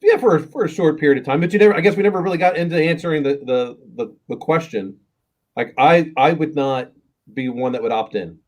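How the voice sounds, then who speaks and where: A man's voice: a little high, fairly quick, darkish tone. A man co-hosting a casual tech podcast, making dry, laid-back remarks. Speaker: podcast co-host. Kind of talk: casual chat.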